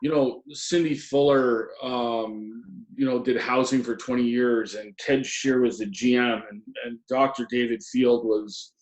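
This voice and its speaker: A man's voice: mid-range voice, fairly even intonation, a little slow. A middle-aged man, a former assistant hockey coach, reminiscing in an interview with many ums and restarts. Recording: roomy echo.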